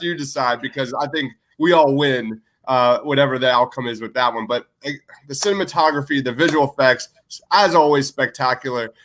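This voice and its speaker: A man's voice: mid-range voice, a bit bright. A man co-hosting a podcast in casual chat, enthusiastic and full of filler words. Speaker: podcast co-host.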